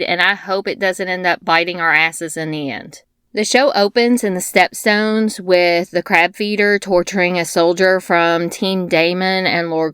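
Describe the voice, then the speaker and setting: Lowish smooth-voiced woman doing a show recap, dry close sound, snarky little asides. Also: a bit bright, no echo. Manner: wry, blunt asides with casual swearing. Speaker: TV recap host. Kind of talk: scripted episode recap.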